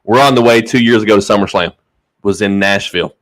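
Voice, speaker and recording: A man's voice: on the low side, fast. A man hosting a podcast in casual chat, telling a funny story with lots of laughter. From Southern Indiana. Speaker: podcast host.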